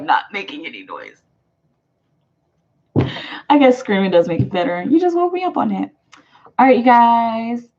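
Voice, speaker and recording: A woman with a medium-pitched, somewhat dark voice hosts a live tarot stream, reading viewers' comments aloud while chatting casually and rambling. She talks loosely, fills her speech with "like," and laughs quickly and often. The live-stream audio is muffled and lo-fi.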